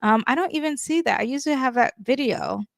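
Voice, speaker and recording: A woman's voice: high-pitched, lively intonation, quick pace, creaky, very noisy. A woman astrologer reading horoscopes in a casual, chatty way, with lots of fillers and "okay?" check-ins. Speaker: tarot reader and astrologer.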